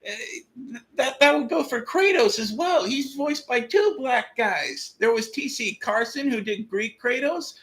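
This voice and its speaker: Unhurried high-voiced man, casual chat. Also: lively intonation, a bit bright. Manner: unhurried, many filler pauses. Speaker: co-host.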